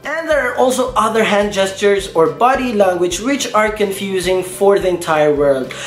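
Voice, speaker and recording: A man from the Philippines hosting a casual explainer vlog, playful and giggly, acting out quick voices. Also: high voice, faint music behind. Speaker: vlogger. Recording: echoey room.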